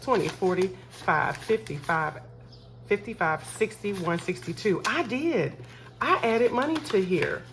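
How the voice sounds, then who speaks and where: A woman's voice: mid-range voice, expressive, a little slow, slight background noise. A woman, talking casually to her viewers while counting cash for her budget. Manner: chatty, talks to viewers as y'all, counts aloud. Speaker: budgeting vlogger.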